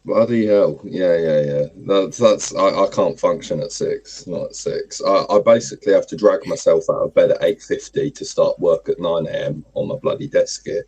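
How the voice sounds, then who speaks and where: A young man in his twenties speaks in a very low, raspy smoker's voice with a mellow, dark tone. He argues animatedly on a casual livestream chat. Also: normal speed, hardly any pauses, low-quality recording. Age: 20s. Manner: animated, argues with repeated phrases.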